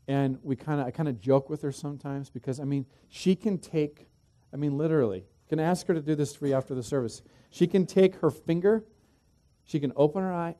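A middle-aged man, a pastor, preaching a sermon, emphatic in places and dropping to quiet, chatty asides in others. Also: on the high side.

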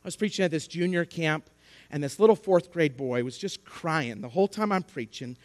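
A man preaching a sermon, building to impassioned, shouted emphasis with repeated rhetorical questions. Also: on the high side, moderate pace.

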